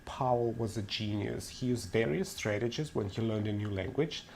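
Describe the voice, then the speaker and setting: A man's voice: lowish voice, moderate pace, gravelly, a little mellow, slight background noise. Man giving a methodical pronunciation lecture. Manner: methodical, explanatory, lists principles step by step. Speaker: English pronunciation teacher. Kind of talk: webinar lecture.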